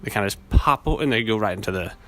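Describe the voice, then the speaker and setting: A man with a naturally low voice hosting a casual solo podcast, rambling and laid-back, swearing often. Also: animated, fast, sharp tone, slight background noise. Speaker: podcast host. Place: outdoors in a city, weed whacker nearby.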